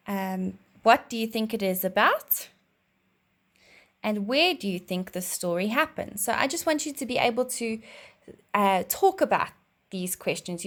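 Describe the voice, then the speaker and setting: A woman teacher giving a reading lesson to young children, speaking clearly and reading a rhyme aloud with lively expression. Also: mid-range voice.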